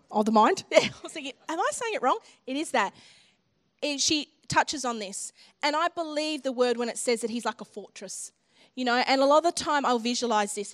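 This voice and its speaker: A woman giving an earnest, personal sermon and altar call to a congregation. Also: on the high side. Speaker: church speaker.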